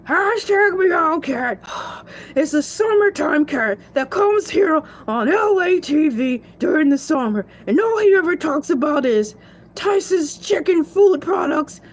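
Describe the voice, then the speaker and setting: In this comedic one-person character show, a woman voices a swaggering male shark standing in as host, rambling with playful chatter and plenty of bragging. Her voice sits high and expressive, moving a little slowly, and the mood is boastful.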